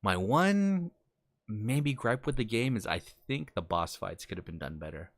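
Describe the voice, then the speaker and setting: A man co-hosting a casual podcast chat, telling stories with lively acted-out quotes. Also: unhurried, no room sound. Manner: animated storytelling, acts out quotes with big jumps in pitch. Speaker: podcast co-host.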